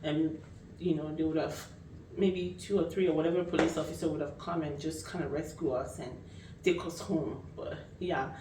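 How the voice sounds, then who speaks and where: A young adult woman vlogger tells a story in a casual, animated way, full of fillers. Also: sits low, moderate pace, background noise. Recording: echoey room, mic at a distance.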